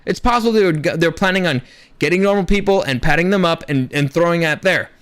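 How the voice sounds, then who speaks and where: High-voiced man ranting with sarcasm. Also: fast talker, clean tone. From Latino background. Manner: animated, profane, sarcastic. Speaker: commentary host. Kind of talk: ranting commentary.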